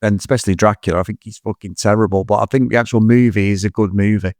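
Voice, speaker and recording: A man co-hosting a film podcast, rambling and animated in casual chat, swearing freely. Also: lowish voice, fast, no echo, studio quality. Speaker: podcast co-host.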